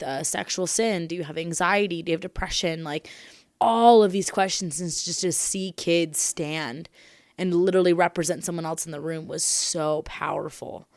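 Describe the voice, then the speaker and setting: Blunt, teasing young woman, low and dry. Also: dry recording. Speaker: podcast co-host. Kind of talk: casual chat.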